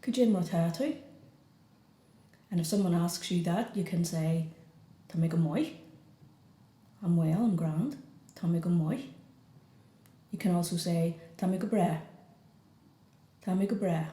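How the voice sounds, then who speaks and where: Irish woman teaching phrases slowly. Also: on the low side, mellow, roomy sound. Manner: slow, repeats each phrase twice. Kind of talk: beginner language lesson.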